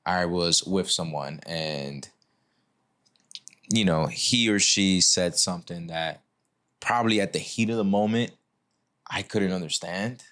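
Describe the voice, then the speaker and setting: A man with a very low voice, a guest on a relaxed podcast. He talks in a reflective, casual way and takes his time with his thoughts. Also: a little slow, pauses often.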